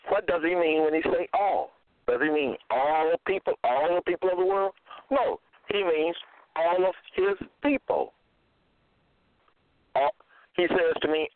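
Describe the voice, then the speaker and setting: A man preaching slowly and deliberately, quoting scripture verse by verse and repeating his phrases. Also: fairly high pitch, dry recording. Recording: tinny phone-line sound, dry.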